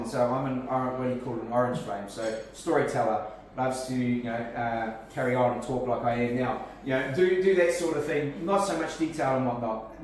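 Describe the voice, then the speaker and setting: A man's voice: mid-range voice, a little hiss or hum. A man with a New Zealand accent, a life coach giving a casual live talk to a networking group, speaking conversationally with frequent restarts and fillers. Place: cafe function room, in front of a group. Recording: echoey room, distant mic, faint ambience.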